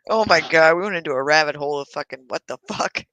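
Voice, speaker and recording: A man's voice: on the high side, pushed and bright, no echo. A man co-hosting a casual live-stream chat, mostly giving short reactions and laughing.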